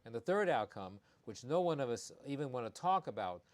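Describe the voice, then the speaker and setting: A male veterinarian hosts a live-streamed pet health talk. His voice sits at an ordinary middle pitch for a man, and he talks in a folksy, conversational way, often repeating his key warnings. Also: sing-song, fairly quick. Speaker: veterinarian host.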